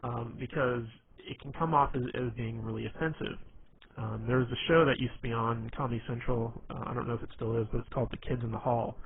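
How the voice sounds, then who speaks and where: A man's voice: mid-range voice, steady tone, brisk, creaky. Man rambling in a tinny lo-fi recording. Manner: rambling, many fillers and restarts. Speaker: presenter giving dating humor advice. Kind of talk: casual spoken presentation. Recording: tinny phone-like lo-fi sound.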